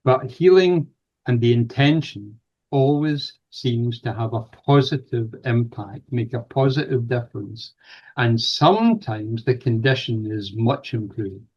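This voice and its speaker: A man's voice: medium pitch, lively intonation, measured pace, darkish tone. A man with a Scottish accent, a paranormal researcher guest telling stories in an interview, hesitant with many fillers. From Scotland. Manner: hesitant, many fillers, acts out quoted voices. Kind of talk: storytelling interview. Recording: dull lo-fi sound.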